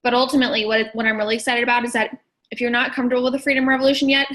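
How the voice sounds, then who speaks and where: A woman's voice: a little high, fairly bright tone. A woman sharing her experience on a team call, eager and casual, at times talking while eating.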